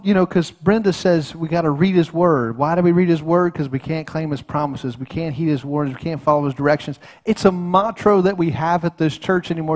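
Folksy middle-aged male pastor, slightly high voice, earnest sermon delivery with frequent restarts. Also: darkish tone. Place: church sanctuary.

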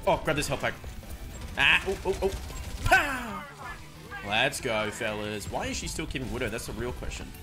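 A young man streaming a video game, talking to himself with excitable commentary and sudden yelps. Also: medium pitch, a little fast. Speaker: gaming streamer. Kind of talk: live gameplay commentary. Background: background music.

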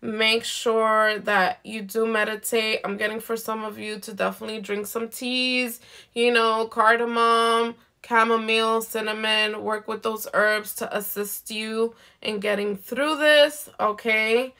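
Slow, bright-voiced woman card reader. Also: on the high side, little pitch movement. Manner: gentle, repetitive, reassuring, often asks "okay?". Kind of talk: live zodiac card reading.

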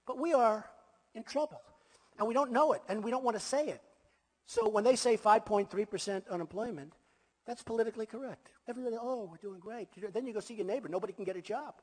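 A man's voice: high-pitched, fast talker. A man giving an emphatic campaign rally speech as a political candidate, repeating his points and adding boastful asides. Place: large rally venue before a crowd. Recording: long reverb of a big hall.

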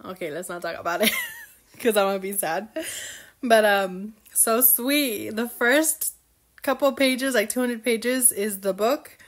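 A woman's voice: fairly high pitch, a little slow. A young woman chatting casually as she recaps a novel for her book club, gushing and acting out characters' lines.

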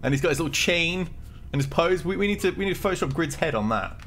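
A man's voice: a little high, expressive, quick pace, a bit bright. A man chatting through a live game stream, jittery from coffee, joking and reading game lines aloud. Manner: chatty, jokey, reads game dialogue aloud. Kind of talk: live gameplay commentary.

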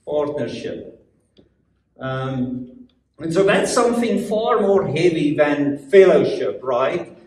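A man from Africa with an African accent, teaching a church Bible study in a lively, joking way full of rhetorical questions. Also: fairly high pitch, slow. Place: church meeting room. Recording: echoey room, voice from far off.

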